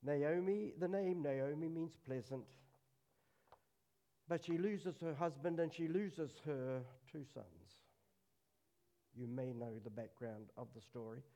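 A man's voice: on the high side, slow pace, long pauses. Earnest male preacher giving a sermon. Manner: earnest, drops to a hush on solemn lines. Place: church service.

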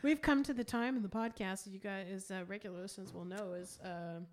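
A woman's voice: mid-range voice, fairly even intonation, a little fast. A woman co-hosting a podcast in casual chat, playful and tipsy, bantering and laughing often. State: tipsy from drinking. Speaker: podcast co-host.

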